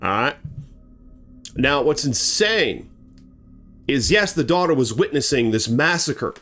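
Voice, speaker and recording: A man hosting a horror channel, giving a dramatic retelling of a true bear attack and acting out the action with sound words and shouts. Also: mid-range voice, sing-song, slow pace, faint music behind.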